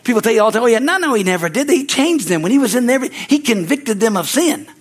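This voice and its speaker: Brief: high-pitched man, preaching pastor, fervent, peppers lines with hallelujah and amen, swings from loud to hushed. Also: animated, fast, husky. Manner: shifts between loud rises and low, quiet asides. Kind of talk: sermon.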